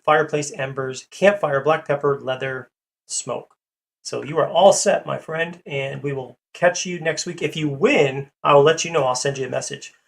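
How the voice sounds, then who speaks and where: Gravelly-voiced man hosting a livestream. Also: medium pitch. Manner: rambling, full of fillers, greets and reads chat. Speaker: livestream host. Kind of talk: casual livestream chat.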